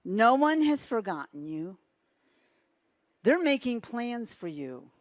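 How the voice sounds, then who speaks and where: A woman preaching a sermon, telling stories in an animated way and laughing now and then. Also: a little high, slow pace, dry recording. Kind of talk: sermon with storytelling.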